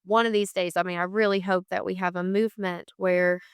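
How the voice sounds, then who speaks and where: A woman's voice: on the low side, little pitch movement, fairly quick, smooth, dry recording, clean studio sound. A woman speaking as a podcast guest, earnest and emphatic, repeating phrases for stress. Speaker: guest, founder of an equine therapy charity. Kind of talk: casual podcast conversation.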